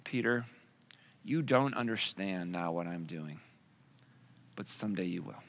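A man voicing a calm, gentle male teacher, speaking softly, low and slowly. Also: full character voice. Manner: soft, low, slow and patient.

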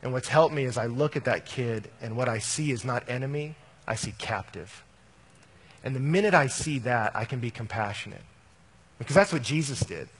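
A youth minister with a husky mid-range voice answers an audience question conversationally in a big-sounding room. He's candid, tells stories, and often quotes scripture.

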